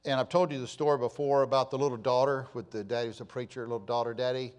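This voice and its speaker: Older pastor preaching with rising passion. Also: male voice, medium pitch, steady tone, fast talker. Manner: building from conversational to impassioned crying out. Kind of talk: sermon.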